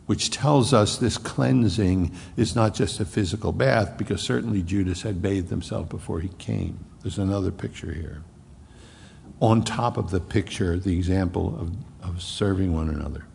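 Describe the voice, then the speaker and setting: Gravelly pastor preaching in a reverberant hall. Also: male voice, low-pitched, unhurried. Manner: emphatic, rising to bursts of loud stress then dropping soft. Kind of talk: sermon. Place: church hall.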